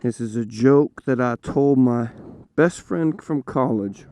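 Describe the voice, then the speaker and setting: A man motovlogging from his motorcycle, chatting casually in an unhurried way and telling a joke into a helmet camera mic. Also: medium pitch, dark tone. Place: outdoors on a motorcycle. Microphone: helmet-mounted camera mic.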